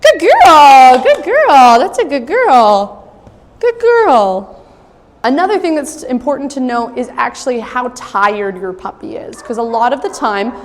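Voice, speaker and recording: Young woman dog trainer talking thru a puppy lesson, kinda high voice, big reverby space with faint background hum. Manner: calm explaining, bursts into high-pitched puppy talk. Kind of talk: instructional demonstration. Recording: long reverb with faint ambient noise.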